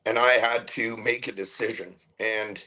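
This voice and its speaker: A middle-aged man speaking candidly as an interview guest, earnest and heartfelt, often halting and repeating words as he searches for them. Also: on the low side, steady tone, bright, forceful tone, poor audio.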